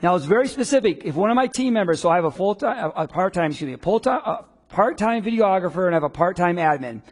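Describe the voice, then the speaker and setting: A man coaching a room of business people in a live workshop, talking in a lively, conversational way and acting out quotes. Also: high-pitched, quick pace, few pauses, husky. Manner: energetic, conversational, acts out quotes. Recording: long reverb of a hall.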